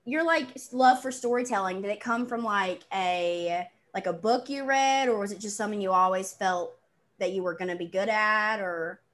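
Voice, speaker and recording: A woman's voice: mid-range voice, moderate pace, fairly bright tone. A woman from Virginia hosts a laid-back interview in a medium voice. She talks loosely and fills her sentences with little fillers as she goes. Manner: casual, peppered with "like". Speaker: podcast host. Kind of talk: casual interview chat.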